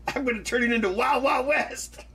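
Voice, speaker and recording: A man's voice: extremely high pitch, normal speed, fairly bright tone, distant mic, voice pushed up. A man putting on a smug, self-satisfied voice, musing aloud like a scheming showbiz figure.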